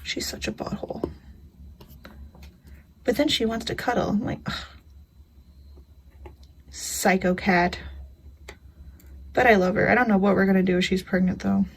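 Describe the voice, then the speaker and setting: A woman's voice: mid-range voice, moderate pace, vocal fry, pauses often, slight background noise, low-quality recording. A young woman chatting casually to her viewers as a craft vlogger, rambling from one story to the next with plenty of filler. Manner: chatty, rambling storyteller with frequent "you know" and laughs. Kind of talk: casual chat.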